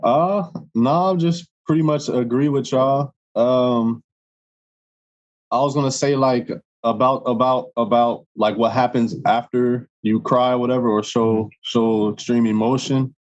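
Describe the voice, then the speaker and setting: A man's voice: medium pitch, steady tone, unhurried. A man co-hosting a podcast, speaking hesitantly and searching for words. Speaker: podcast co-host. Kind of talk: casual chat. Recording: dull lo-fi sound.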